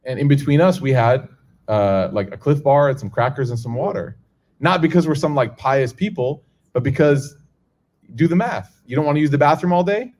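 Lively intonation marks this man's medium-pitched, darkish voice, delivered at a normal speed. As a religious teacher giving an easygoing lecture to those present, he keeps asking "okay?" and "right?" and dramatizes quoted people by raising his voice.

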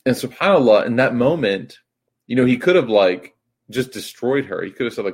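A man's voice: fairly low pitch, brisk, slightly rough. A young man giving a reflective religious talk in a casual, conversational way, full of fillers and restarts. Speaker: Islamic teacher.

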